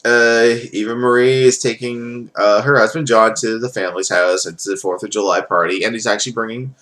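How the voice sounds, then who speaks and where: A man with a fairly low voice talks through a recap in loose, casual vlog fashion. He rambles and swears freely. His sentences are full of filler words. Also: steady tone, fairly quick, a bit bright. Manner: rambling, profane, lots of filler. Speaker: wrestling show reviewer.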